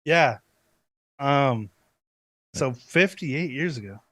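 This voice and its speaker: A man's voice: medium pitch, animated, drawn-out words, a bit bright, no room sound. A man co-hosting a casual podcast chat, reading trivia items aloud with many fillers. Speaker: podcast co-host.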